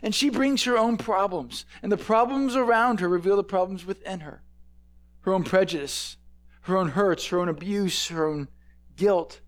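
A man's voice: high voice, moderate pace. A man preaching a conversational sermon, emphatic and often repeating words.

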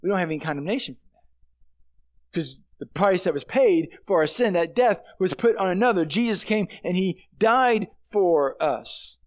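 Guy with a pretty high voice preaching, earnest and chatty, leans hard on key words. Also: lively intonation, moderate pace. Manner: earnest, conversational preaching with emphatic stresses. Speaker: pastor. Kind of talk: sermon.

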